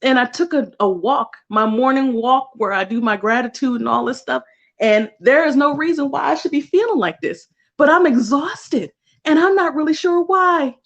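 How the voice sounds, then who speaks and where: A woman with a fairly high voice talks through a casual spiritual vlog as an energy healer. She is animated, laughs often and swears freely. She jumps into bright put-on voices when she acts out what others say. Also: normal speed, dull audio.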